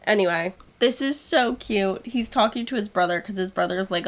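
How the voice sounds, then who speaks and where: A young woman vlogging casually about a book she is reading, gushing and excitable, often saying "like". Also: mid-range voice, normal speed, low-quality recording.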